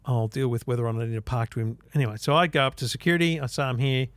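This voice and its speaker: An Australian man co-hosting a podcast, telling a story in casual chat and acting out quotes with animated bursts. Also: mid-range voice, rapid-fire, no echo. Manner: animated, acts out quotes loudly. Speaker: podcast co-host.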